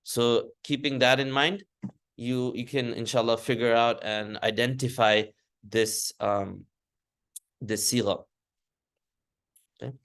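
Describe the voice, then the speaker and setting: With a steady, clear, resonant voice at medium pitch, an American man lectures on grammar in a classroom style. He goes slowly, pausing often, and patiently repeats and rephrases his points with plenty of fillers and restarts, his tone a bit bright.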